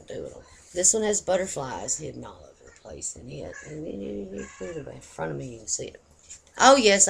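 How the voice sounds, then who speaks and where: A woman's voice: deep voice, gravelly, a little hiss or hum. A woman, chatting casually and folksily to camera in a rambling way. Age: 50s. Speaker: vlogger.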